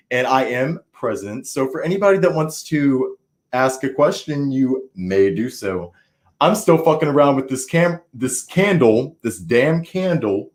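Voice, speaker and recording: Loud, casual man hosting a livestream. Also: medium pitch. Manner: loud, animated, swings from mumbling to shouting. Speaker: tarot reader hosting a livestream. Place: indoors at a New Year's party. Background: faint party music.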